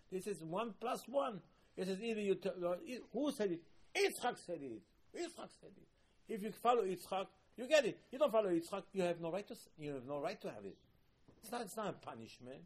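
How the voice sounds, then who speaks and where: A man delivers a sermon in a husky, rather high voice. He tells his stories with lively swings, doubling up phrases and breaking into loud emphatic bursts. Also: quick pace. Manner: animated storytelling with emphatic repeats and loud bursts. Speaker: rabbi teaching.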